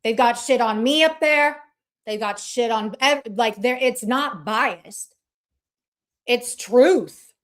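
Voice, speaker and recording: A woman streamer rants at her chat in a blunt, combative way, swearing freely. Her voice sits fairly high and her pace is slow and deliberate, words spaced out. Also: a bit bright. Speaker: livestream host. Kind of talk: ranting casual stream chat.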